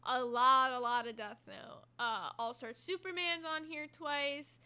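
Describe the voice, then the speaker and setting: Bright, high-voiced female stream co-host. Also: a little slow, smooth. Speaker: livestream co-host. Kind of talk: casual livestream chat.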